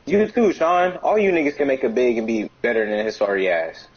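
A young man on a gaming voice chat, firing off profane, repetitive taunts at his friends. His voice is husky, and the headset sound is dull and lo-fi. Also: fairly low pitch, big pitch swings, fast. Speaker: gamer streaming with friends. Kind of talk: trash-talking voice chat.

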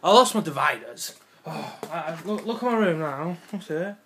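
Filming a casual vlog in his bedroom, an English teen rambles offhandedly, cracking jokes and putting on silly voices. He has a fairly high, fairly bright voice with lively intonation and a moderate pace, plus a little hiss or hum on the recording.

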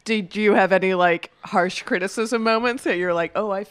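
A woman hosting a casual podcast chat, chiming in with quick teasing remarks. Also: mid-range voice, smooth. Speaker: podcast host.

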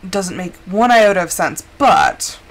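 A woman's voice: mid-range voice, a little slow. A woman streamer chatting casually while playing a game, rambling with lots of filler words. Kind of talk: casual gameplay chat.

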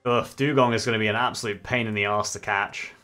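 A man's voice: lowish voice, fairly even intonation, fast, pushed and bright. A young man chatting casually and swearing freely while livestreaming a game. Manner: chatty, swears casually, sings along to music. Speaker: streamer. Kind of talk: casual gaming livestream chat. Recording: faint music behind.

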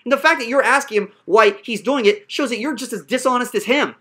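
A woman's voice: a little high, fast talker, a bit bright, breathy edge. A woman hosting a heated online call, berating and sarcastic, with profane outbursts. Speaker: host of an online coaching class.

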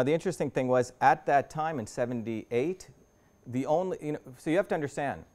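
Giving an invited lecture at a university, a man in his fifties uses a mid-range voice with a darkish tone. He presents his slides in a conversational way, repeatedly restarting and rephrasing his points.

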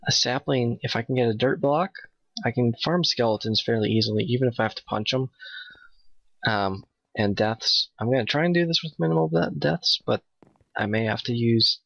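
A man giving nervous, excitable let's play commentary, talking to his in-game dog. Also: medium pitch, gravelly. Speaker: gamer playing a Minecraft map. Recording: dull, dry home mic.

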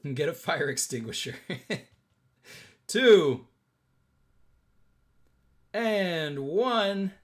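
A man's voice: a little high, animated, unhurried, fairly bright tone. A man hosting a live-stream auction, joking with bidders and counting down bids. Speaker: auction host.

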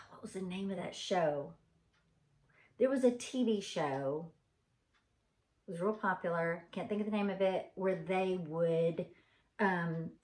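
A woman from Arkansas with a Southern accent, telling a rambling story in a casual, chatty way with lots of ums. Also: fairly low pitch. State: tired. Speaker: vlogger. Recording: echoey room.

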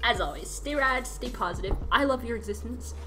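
A woman's voice: on the high side, expressive, a little fast, noisy background. A young woman vlogger reacting to a music performance, gushing and squealing with laughter. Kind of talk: excited reaction vlog.

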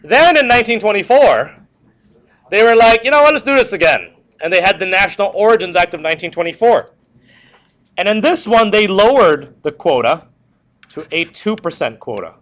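Male history teacher, classroom lecture, high voice, lively swooping delivery, repeats points, jokey asides. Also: normal speed. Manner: repetitive, animated, joking asides to students.

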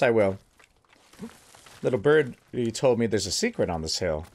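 A man with a lowish voice gives casual gameplay commentary. His pitch swings widely as he jokes and chats to game characters. The delivery is playful and loose. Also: animated, normal speed, long pauses. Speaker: let's play gamer.

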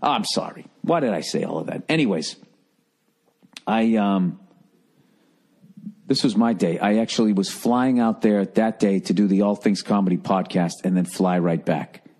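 A man hosting a podcast tells a rambling story, profane, wry and self-mocking. His fairly low voice moves at normal speed, a little mellow and slightly rough.

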